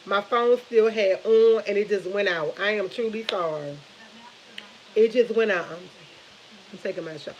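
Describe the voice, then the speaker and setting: A woman's voice: mid-range voice, moderate pace, darkish tone, muffled recording. Chatty woman rambling on a live stream. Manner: chatty, rambling, retells conversations. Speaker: vlogger. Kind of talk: casual live-stream chat.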